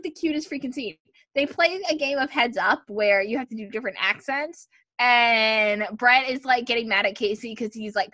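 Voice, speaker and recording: Bright, chatty woman recapping TV. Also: fairly high pitch, no echo, clean studio sound. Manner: chatty, animated retelling with filler words. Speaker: podcast co-host. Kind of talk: casual TV recap chat.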